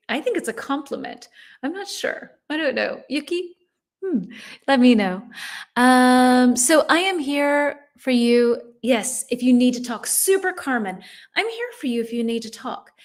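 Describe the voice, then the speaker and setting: A middle-aged American woman with a somewhat high voice teaches a live English lesson on her own stream. Chatty and warm, she reads viewers' comments aloud and responds as she goes.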